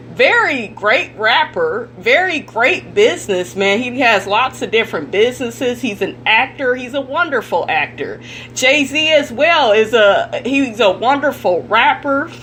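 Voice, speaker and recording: Bright-voiced woman ranting blunt gossip. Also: on the high side, a little hiss or hum. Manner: blunt, profane and indignant, addressing viewers directly. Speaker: celebrity gossip vlogger. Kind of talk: ranting commentary vlog.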